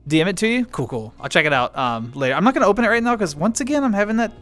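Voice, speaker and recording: Guy streamer, kinda high voice, chatty, reads chat and laughs a lot. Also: expressive, very fast, fairly bright tone, faint music behind. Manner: chatty, reads chat aloud and answers viewers, laughs often. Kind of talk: casual live-stream chat.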